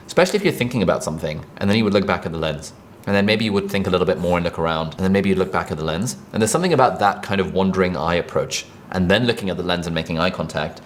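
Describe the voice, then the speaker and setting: A man giving a conversational direct-to-camera tutorial on presenting, energetic and quick, recorded with a videographer. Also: low-pitched, a little hiss or hum. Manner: fast, energetic, conversational delivery. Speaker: online video coach.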